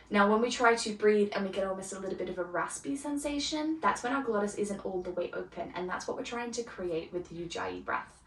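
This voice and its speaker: A woman guides a beginner yoga class in a calm, soft-spoken way, with gentle pauses between her cues. Her voice sits at a middle pitch. She is picked up from a distance in a roomy, echoey space with faint ambience behind her. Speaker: yoga teacher. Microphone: camera mic from a distance.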